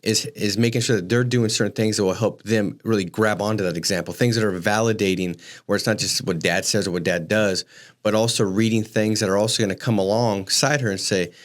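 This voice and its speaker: Fast-talking man, animated storyteller. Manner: animated storyteller, rises in pitch for emphasis. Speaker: podcast co-host. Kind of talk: casual podcast conversation.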